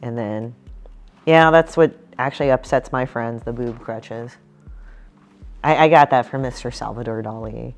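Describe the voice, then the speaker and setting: A woman's voice: a bass voice, measured pace, faint music behind. A woman comic artist chatting casually about her book, blunt and profane, often acting out quotes from people in her stories. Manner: acts out quotes in other voices.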